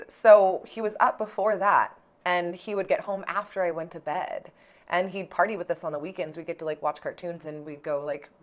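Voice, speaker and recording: A woman's voice: fairly low pitch, a bit bright. A young woman vlogging casually about her own life, peppering her talk with "like" and swearing freely. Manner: chatty, heavy use of "like", swears freely. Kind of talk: casual personal storytelling.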